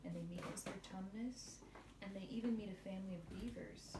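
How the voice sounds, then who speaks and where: A woman's voice: medium pitch, brisk. A woman chiming in casually to help retell a children's story at home. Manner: casual, chatty helper to the storyteller. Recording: echoey, distant, noisy home recording.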